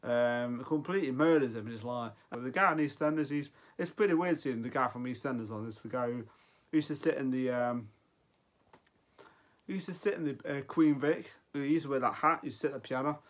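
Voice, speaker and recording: A man's voice: mid-range voice, fairly quick. A man in his forties giving an off-the-cuff film review, rambling and often losing his thread mid-sentence. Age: 40s. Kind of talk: casual unscripted film review.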